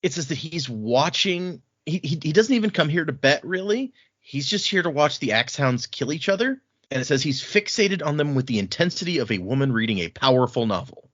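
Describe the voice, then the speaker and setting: A man's voice: a little high, expressive, brisk, few pauses, fairly bright tone, dry recording. A man hosting a casual book discussion podcast, retelling scenes and acting out the characters' lines. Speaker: podcast host. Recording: dull, muffled audio.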